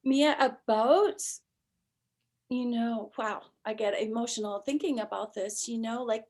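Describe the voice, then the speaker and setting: A woman with a somewhat high voice hosts a spiritual chat show, taking her time over every phrase. She speaks softly and from the heart, sometimes sinking into a near-whisper. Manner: soft, slow, heartfelt, drifting into near-whispers. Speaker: podcast host and ayahuasca facilitator.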